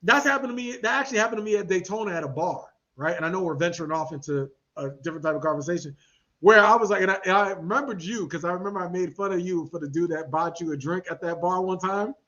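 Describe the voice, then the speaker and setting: Animated high-voiced man telling stories. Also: quick pace. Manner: animated storyteller, laughs often, slangy. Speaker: podcast co-host. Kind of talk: casual chat. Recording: dull lo-fi podcast audio.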